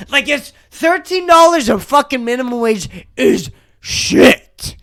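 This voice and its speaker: A young adult podcast host giving an angry, profane rant on a solo episode, sometimes breaking into shouts. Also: mid-range voice, big pitch swings, slow pace, creaky.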